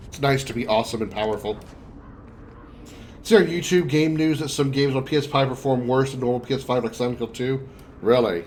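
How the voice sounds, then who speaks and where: A man's voice: mid-range voice, normal speed, a little mellow. A male streamer chats casually over his gameplay in a mid-range voice. He is wry and self-deprecating, with a faint hiss of noise behind him.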